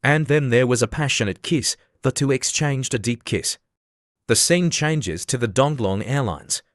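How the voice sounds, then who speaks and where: A man's voice: medium pitch, expressive, measured pace, dry recording. Man narrating a recap, dry sound. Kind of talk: scripted narration.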